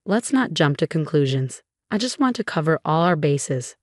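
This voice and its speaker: Assured, enigmatic male doctor read by a woman narrator; low, dry. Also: big pitch swings, normal speed, no room sound. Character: confident calm male toxicology doctor.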